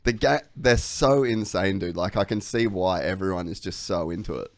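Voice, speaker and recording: A man's voice: deep voice, moderate pace, no room sound. A young Australian man hosting a podcast, chatting casually with sweary, slangy banter. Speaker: podcast host. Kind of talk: casual chat.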